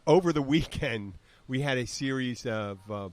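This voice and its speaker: With lively intonation and a normal pace, this medium-pitched man in his fifties from the American South hosts a podcast. He meanders through anecdotes in casual conversation, doing impressions of the people involved.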